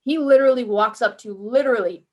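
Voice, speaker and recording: A woman's voice: on the high side, fast talker, a little mellow. Chatty woman gamer, casual and profane. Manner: chatty, swears freely, acts out her reactions. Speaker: podcast co-host. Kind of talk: casual gaming chat.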